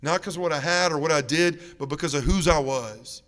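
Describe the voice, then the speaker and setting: A man giving an earnest, emotional faith testimony at a parish mission, dropping soft and low in the heavy moments. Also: a little fast. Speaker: guest speaker at a parish mission. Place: church. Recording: reverberant church sanctuary.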